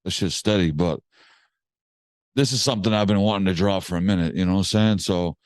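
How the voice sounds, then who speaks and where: A man's voice: sits low, a little fast, darkish tone, dry recording. A man from Massachusetts, a music producer, telling a story in a slangy, laid-back way on a podcast. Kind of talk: casual storytelling interview.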